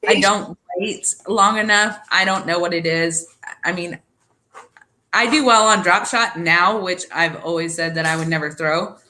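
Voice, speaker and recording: A woman's voice: fairly low pitch, unhurried, sharp tone, slight background noise. A woman co-hosting a fishing chat, playful and self-deprecating about her own fishing. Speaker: co-host.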